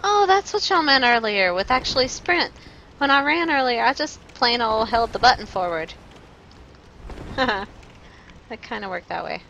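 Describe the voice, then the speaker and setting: A woman streaming live gameplay, talking to her chat in a jumpy, nervous way with quick laughs. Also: a little high, animated, gravelly, sharp tone, slight background noise, low-quality recording. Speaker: game streamer.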